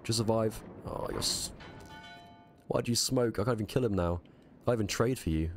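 A man streaming a naval battle game live, muttering quick reactive commentary to himself with a strained voice. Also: lowish voice, faint music behind.

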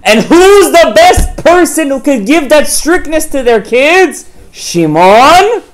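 A rabbi teaching a class for parents in a high, lively voice that climbs and dips all over. He keeps throwing questions at his listeners and mixing Hebrew terms into his English. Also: slow pace, a little hiss or hum. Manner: animated, fires rhetorical questions at listeners; mixes Hebrew terms into talk.

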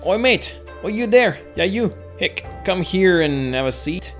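A man's voice: high voice, expressive, a little slow, faint music behind, pitched above the performer's own voice. A man doing a rowdy drunk old tech hunter. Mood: boisterous. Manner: rambling, boozy, folksy storyteller.

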